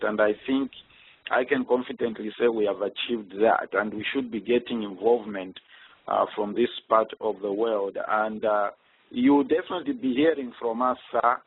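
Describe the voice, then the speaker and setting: Zambian male radio host, husky voice, polite and formal, phone-thin sound. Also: medium pitch, dry recording. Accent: Zambian, with a Texas tinge. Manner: courteous, formal, says "sir" often. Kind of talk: casual radio talk. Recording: tinny phone-like line.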